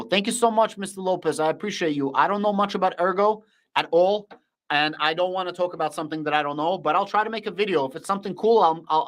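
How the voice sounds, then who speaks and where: A young man with a Russian accent hosting a casual livestream, talking bluntly and repeating his thank-yous. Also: a little high. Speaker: livestream host.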